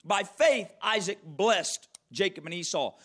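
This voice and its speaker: High-voiced man preaching a sermon. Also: lively intonation, a bit bright. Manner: emphatic, repeats key phrases, drawn-out stresses. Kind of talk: sermon with scripture reading.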